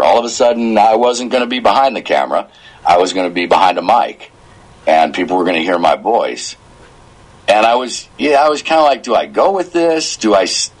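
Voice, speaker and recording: A man's voice: fairly low pitch, breathy edge, low-quality recording. A man in his fifties, a voice actor from the United States, telling stories in a casual interview and getting emotional as he quotes himself. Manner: emotional, animated storytelling with quoted asides.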